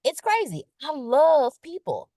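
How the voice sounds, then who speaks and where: A high-voiced woman speaks a little slowly in clean studio sound without echo. She's hosting a live leadership session as a casual motivational talk, chatty and direct, reading viewer comments with emphatic repetition. Animated and playful, she performs quotes in exaggerated voices.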